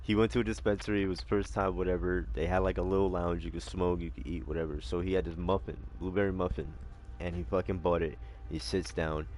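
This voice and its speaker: A man in casual chat who tells stories in a profane, animated way. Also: low voice, fast talker, slight background noise. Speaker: stream co-host.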